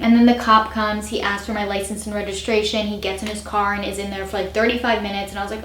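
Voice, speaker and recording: A woman's voice: mid-range voice, level tone, fast, hardly any pauses, slight background noise. A woman in her twenties vlogging in a chatty, self-mocking way and swearing freely. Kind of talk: casual chat to camera. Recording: roomy echo.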